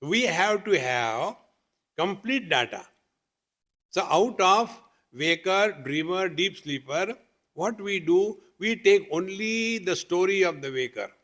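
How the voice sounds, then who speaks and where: A man's voice: high-pitched, animated, slow, fairly bright tone. A man who is a swami teaching at a meditation retreat, giving a patient spiritual discourse with homely examples, questions to the listeners and light humor.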